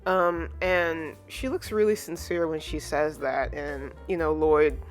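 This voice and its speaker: A reviewer recapping a manga chapter in a relaxed, rambling way, with many filler words and short acted-out character lines. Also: medium pitch, a little slow, soft background music. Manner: rambling, full of "you know" and "like" fillers; acts out characters' lines when retelling.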